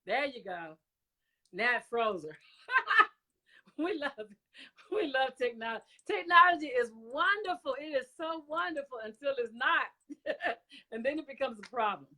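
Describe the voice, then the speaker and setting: Talking into a computer mic, a woman hosts a casual live-stream talk show, chatty and laughing often, though exasperated by technical glitches. Her high voice swings widely in pitch and sounds bright and forceful. She speaks unhurriedly and pauses often.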